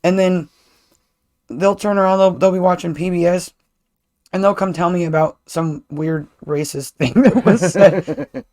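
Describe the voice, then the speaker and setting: A man's voice: high voice, unhurried, a little mellow. A man co-hosting a podcast, chatting casually and rambling with restarts and casual swearing, talking as a parent. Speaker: podcast co-host. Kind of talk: casual chat.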